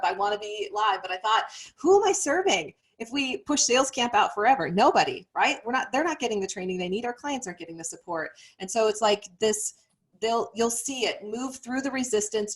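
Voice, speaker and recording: An upbeat woman hosts a sales podcast in a casual conversation. She sounds motivational and speaks directly to her listeners as a coach. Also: mid-range voice.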